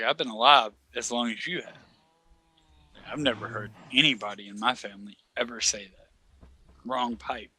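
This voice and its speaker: A man's voice: mid-range voice, pushed and bright. A man telling a long, profane anecdote in casual chat, laughing often as he goes.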